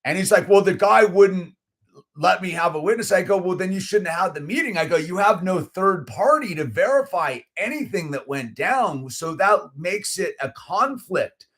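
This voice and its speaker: A middle-aged man telling a story in casual chat, animated and heated, with lots of "dude" and "like" and many restarts. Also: sits high, moderate pace. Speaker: channel host.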